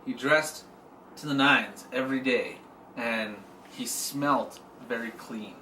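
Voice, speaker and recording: A man's voice: mid-range voice, slow pace, bright, forceful tone. A man co-hosting a casual comedy podcast, joking and teasing his partner. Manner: mock-angry ranting, joking. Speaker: podcast co-host. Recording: roomy and distant from the mic, faint noise.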